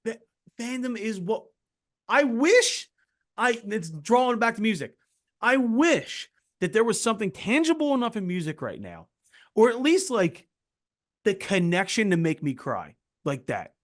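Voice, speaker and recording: Excitable high-voiced man chatting. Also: measured pace. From Philadelphia area. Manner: excitable, swears freely, jumps in often. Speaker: podcast host. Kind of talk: casual interview chat.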